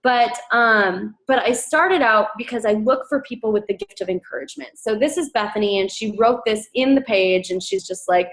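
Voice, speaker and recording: A woman coaching her team in a casual presentation, chatty and upbeat with many fillers, jumping into a high excited voice when she quotes people. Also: normal speed, hardly any pauses. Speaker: team coach sharing recruiting tips.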